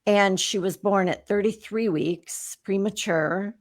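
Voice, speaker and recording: Speaking at an unhurried pace in a medium-pitched voice, this woman in her fifties appears as an interview-show guest. She recounts her life openly and animatedly, playing out past exchanges as she goes.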